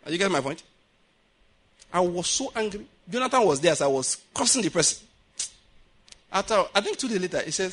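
This lively sermon comes from a man with a Nigerian accent, pitched a little high for a male voice, speaking fairly quickly with frequent pauses and a breathy edge. Weaving stories into his preaching inside a church, he keeps asking the congregation if they're following him.

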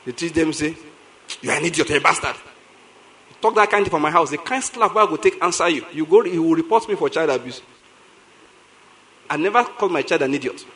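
A middle-aged Nigerian man with a Nigerian English accent, a pastor preaching a sermon in an animated storytelling way, repeating lines for emphasis. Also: fairly high pitch, a little fast, long pauses, low-quality recording.

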